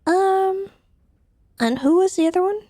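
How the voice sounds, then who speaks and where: A woman in her twenties from Washington state, playing a driving school instructor in a role-play game, friendly and gentle with many hesitant fillers. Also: very high-pitched, unhurried, a little hiss or hum. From Washington state, USA. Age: 20s. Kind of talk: in-character role-play chat.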